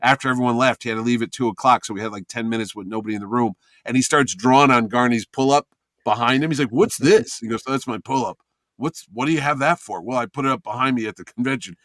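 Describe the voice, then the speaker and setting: Animated man telling a story, dry sound. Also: mid-range voice, quick pace, no room sound. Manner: animated anecdote teller, acts out quoted voices. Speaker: convention organizer telling a story. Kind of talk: casual storytelling chat.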